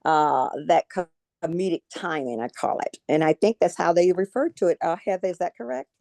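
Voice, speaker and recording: A woman's voice: on the low side, brisk, gravelly, dark tone, dry recording. A middle-aged woman co-hosting a podcast, encouraging her guests and often stumbling over repeated words. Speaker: podcast co-host. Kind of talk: casual interview chat.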